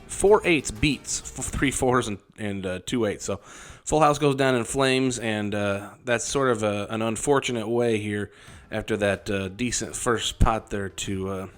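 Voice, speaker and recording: A man's voice: fairly low pitch, a little slow, hardly any pauses. A man casually talking through his poker hands as a vlogger, in a rambling, wry and self-deprecating way. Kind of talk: casual poker hand commentary.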